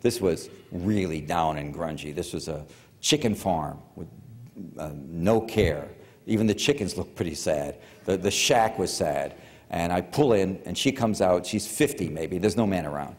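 A man's voice: sits low, unhurried. An older man giving a public lecture, telling a story in a rambling, digressive way with many fillers and restarts. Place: large lecture hall. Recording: reverberant hall.

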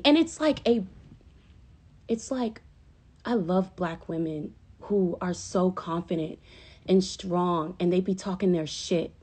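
A woman's voice: fairly low pitch, slow pace, a little mellow, breathy edge. A woman chatting casually on a phone livestream, rambling and swearing freely and flaring into impassioned outbursts. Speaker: livestream host.

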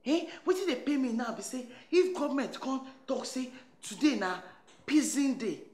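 An actress playing a frustrated Nigerian house cook who complains animatedly in Nigerian Pidgin. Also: female voice, high-pitched, sing-song, moderate pace, a little mellow. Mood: complaining. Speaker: house cook employed by a family. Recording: echoey room.

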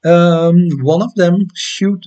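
A man's voice: high voice, steady tone, slow pace, dark tone. Dutch man hosting a casual astronomy livestream. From Netherlands. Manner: hesitant, many ums and restarts, friendly. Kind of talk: casual live-stream chat reading viewer comments.

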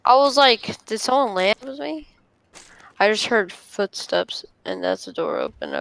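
A woman's voice: mid-range voice, wildly swooping pitch, unhurried, gravelly, a bit bright, low-quality recording. A woman streaming a game and chatting casually with teammates, rambling with lots of fillers. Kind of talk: casual gaming voice chat.

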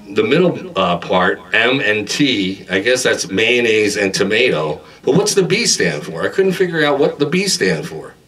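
A man, a singer-songwriter, rambling through comic stories between songs, full of "like" and "uh" and shouting out quoted lines. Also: medium pitch. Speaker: singer-songwriter performing a home concert. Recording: distant mic under loud guitar.

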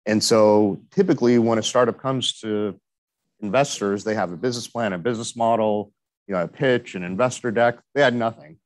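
Low-voiced man, measured and explanatory. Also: dry recording. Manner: measured, explanatory, with frequent fillers. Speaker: venture capital guest. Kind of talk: conversational interview.

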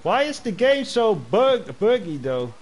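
A man's voice: high voice, big pitch swings, measured pace, a little hiss or hum. A man livestreaming a game, chatting casually and greeting players as bro. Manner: friendly, greets players, calls them bro. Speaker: game streamer.

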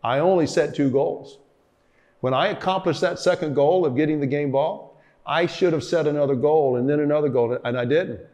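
A man's voice: on the high side, normal speed, darkish tone. An older man in an interview, telling stories about his past in a rambling way, full of fillers and restarts. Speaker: interviewee, former football player. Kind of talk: reflective storytelling interview.

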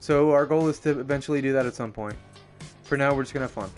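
Young guy streaming a game, cursing a lot, excitable, game music faintly under him. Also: mid-range voice, fast. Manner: profane, excitable, laughs often. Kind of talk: casual live gameplay commentary.

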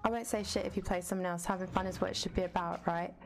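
A woman's voice: on the low side, steady tone, fast, creaky, faint music behind. A woman streaming a game, chatting casually, answering chat and swearing freely. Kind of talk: casual live-stream chat while gaming.

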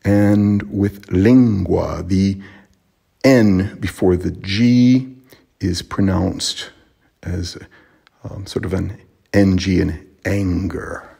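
A man giving an unhurried spoken lesson on poetry pronunciation and meter, pausing often to think. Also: deep voice, fairly even intonation, vocal fry, mellow, breathy edge. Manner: unhurried, thoughtful, many fillers and restarts. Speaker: Latin teacher.

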